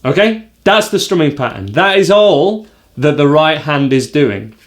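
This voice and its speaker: A man teaching a guitar lesson, explaining strumming and counting the beats out loud. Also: fairly high pitch, expressive, unhurried. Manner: counts and calls out strums aloud. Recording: guitar playing behind.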